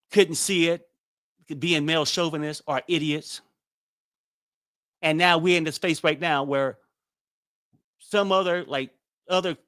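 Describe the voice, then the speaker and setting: A man's voice: a little high, a bit bright, no echo. Weary, exasperated man ranting, dry sound. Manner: exasperated, blunt, swears freely. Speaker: political commentary host. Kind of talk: casual political commentary.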